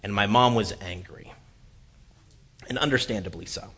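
A man preaching a sermon, telling a childhood story in an animated, self-mocking way with frequent restarts. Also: fairly low pitch, moderate pace, husky. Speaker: pastor. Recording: dull lo-fi sound, faint hiss.

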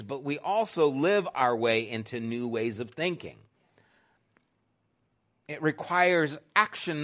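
Preaching as a pastor, this middle-aged man has a voice on the high side. He talks conversationally, his delivery swinging from loud, emphatic moments down to a gentle hush.

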